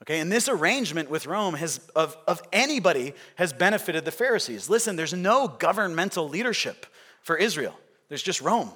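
A man's voice: on the high side, sing-song, brisk, sharp tone. A man preaching a sermon as a pastor, conversational and often checking in with his listeners. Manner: conversational, asks the audience questions.

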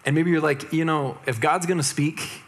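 A man's voice: a little high, fairly even intonation, normal speed. A man preaching in a casual storytelling style, retelling a scripture story with humorous asides and slangy paraphrases.

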